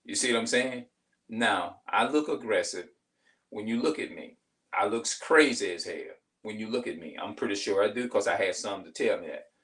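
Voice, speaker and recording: A man's voice: lowish voice, normal speed, fairly bright tone, far from the mic, poor audio. A man in his forties talking passionately to camera in a casual vlog monologue, emphatic, often restarting his sentences. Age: 40s. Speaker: vlogger.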